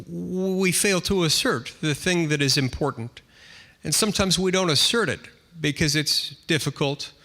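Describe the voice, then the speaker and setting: A man's voice: on the high side, vocal fry, sharp tone. A middle-aged American man, a senator, telling a self-deprecating anecdote in a speech, with dry humor and frequent restarts. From United States.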